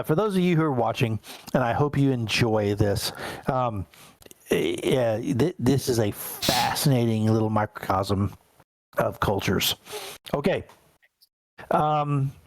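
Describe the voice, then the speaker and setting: Slow, rambling male game master. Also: medium pitch, no room sound, rough recording. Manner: rambling, with many fillers and restarts. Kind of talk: narrating a tabletop game.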